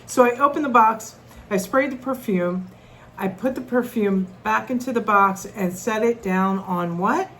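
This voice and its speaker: A woman's voice: mid-range voice, measured pace, a little hiss or hum, rough recording. A middle-aged woman telling a personal story to camera in an earnest, conversational way, often restarting her sentences. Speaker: vlogger.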